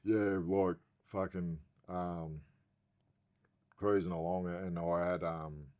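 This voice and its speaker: A very low-voiced Australian man tells a story the way he'd tell it to a mate. He drifts and circles back as he goes, swearing in nearly every sentence, loose and animated. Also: slow, lo-fi sound. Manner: swears constantly, rambling and animated. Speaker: podcast guest. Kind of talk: casual storytelling.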